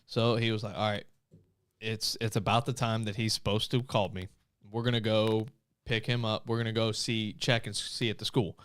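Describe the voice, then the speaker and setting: A man's voice: lowish voice, little pitch movement, moderate pace, smooth. A young man co-hosting a casual podcast chat, telling a rambling story with many restarts. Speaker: podcast co-host.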